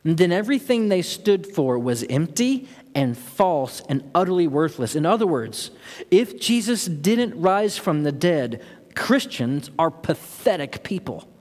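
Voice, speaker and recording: A man delivers a sermon as pastor, speaking earnestly and swelling into fervent, emphatic passages. His voice sits somewhat high for a man. It echoes with the long reverb of a large church sanctuary. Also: big pitch swings, unhurried, darkish tone. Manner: earnest, building to impassioned emphasis.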